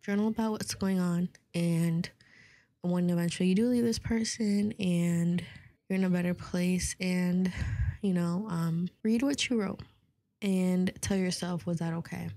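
A woman's voice: on the low side, a little slow, mellow. A woman hosting an advice video, talking in an earnest, heartfelt way and swearing casually. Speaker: host of an advice series.

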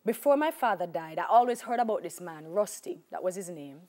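A woman's voice: lowish voice, fairly quick. A woman with a Jamaican accent, a talk show guest telling her life story with emphatic repetition. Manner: animated storyteller, acts out voices, emphatic repetition.

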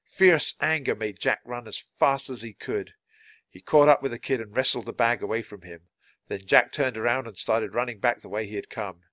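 A man reading a children's storybook aloud in a clear, measured way for learners. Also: mid-range voice, fairly bright tone, dry recording. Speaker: storybook reader. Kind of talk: children's book read-aloud.

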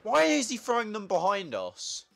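A man's voice: high voice, huge pitch swings, moderate pace, creaky, a bit bright, faint music behind. A young man giving crude, sarcastic, swear-heavy commentary while playing a party video game. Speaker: gamer. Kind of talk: let's play commentary.

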